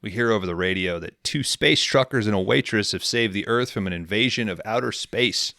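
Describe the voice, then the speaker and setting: A young man co-hosting a podcast, recapping a film in casual, profane, rambling talk and slipping into quick character voices. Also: lowish voice, gravelly, bright, forceful tone, dry recording, studio quality. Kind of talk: casual comedic movie recap.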